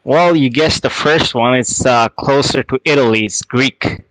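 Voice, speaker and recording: A man's voice: medium pitch, measured pace, a bit bright, dry recording, poor audio. A man from Canada calling in to a live chat, laid-back and teasing. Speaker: caller.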